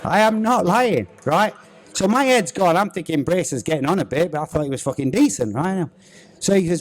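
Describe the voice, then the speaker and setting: A man, a former footballer telling a lively, swearing anecdote on a theatre stage. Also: fairly high pitch, brisk. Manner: swearing, animated anecdote telling with acted-out quotes. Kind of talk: on-stage storytelling. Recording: reverberant theatre hall.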